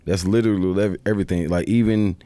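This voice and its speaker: A man's voice: low voice, fairly even intonation, fast, mellow, no echo. A man guesting on a podcast in casual chat, rambling and checking in with the listener often. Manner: rambling, repeats "you know what I'm saying".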